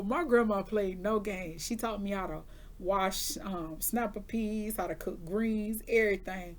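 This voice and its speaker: A woman's voice: medium pitch, measured pace. A woman who does intuitive readings, telling her viewers a personal story in a candid, chatty way. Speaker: intuitive reader giving weekly forecasts.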